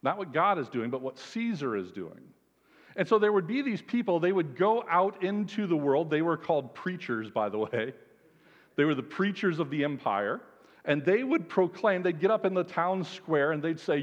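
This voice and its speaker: A man, a pastor, delivering an emphatic, animated sermon with lots of repetition. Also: sits high, moderate pace. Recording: dull sound, long hall reverb.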